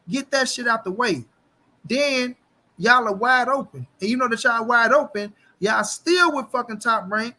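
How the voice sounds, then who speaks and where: A man hosting a casual boxing talk show, animated and heavy with cursing. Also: very high-pitched. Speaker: host.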